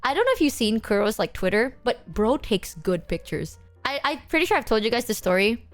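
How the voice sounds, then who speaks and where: A woman streamer chatting casually with her chat, telling stories in an animated, foul-mouthed way full of fillers. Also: a little high, brisk, soft background music. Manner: animated, swears freely, filler-heavy.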